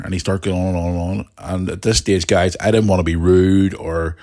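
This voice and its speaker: Low-pitched and warm yet flat in delivery, a young podcast host talks a little fast as he works through a long, rambling story. He frequently starts over and adds asides for his listeners.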